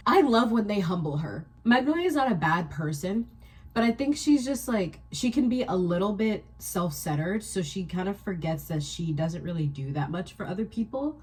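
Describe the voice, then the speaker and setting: A woman's voice: medium pitch, slight background noise. A woman vlogging casually about a book she is reading, gushing and swearing freely as she talks. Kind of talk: casual chat.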